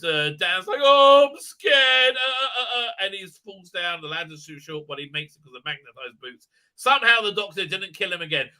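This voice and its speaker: High, bright-voiced sarcastic male reviewer. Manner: rambling, sarcastic, many "uh" fillers and restarts; mocking put-on voices for characters. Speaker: video reviewer. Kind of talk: casual spoken episode review.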